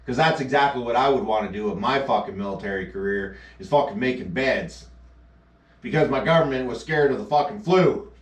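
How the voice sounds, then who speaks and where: A man's voice: mid-range voice, fairly quick. A man streaming live, ranting sarcastically and with heavy swearing while reacting to a news clip. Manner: profane, sarcastic, scornful. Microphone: action camera mic. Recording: echoey, distant from the mic.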